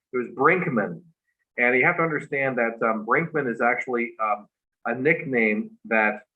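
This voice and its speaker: A man, a guest on a livestream talk show, telling a personal story in a halting, earnest way with many restarts, over a video call. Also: medium pitch. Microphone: remote video call. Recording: muffled livestream audio.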